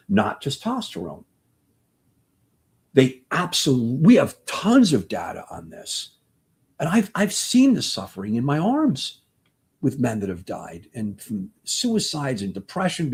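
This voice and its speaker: A man's voice: medium pitch, slightly rough. A man in his sixties, a doctor hosting a live question-and-answer talk, speaking in an impassioned, rambling way and often restarting his sentences. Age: 60s.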